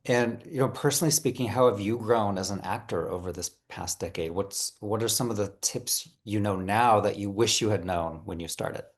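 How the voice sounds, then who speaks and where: A man interviewing an actor, asking measured, friendly questions. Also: on the low side.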